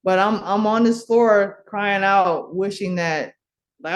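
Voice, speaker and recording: A woman's voice: mid-range voice, slow pace. A middle-aged woman from Milwaukee, a podcast guest, telling her story in casual chat. She talks with lots of fillers and restarts and laughs often.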